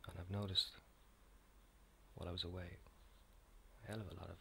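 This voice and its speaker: A man with an East Coast Irish accent, talking in a hushed, unhurried soft-spoken ASMR style with many ums and uhs. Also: sits low, flat delivery, creaky, slight background noise. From Ireland. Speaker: ASMR creator.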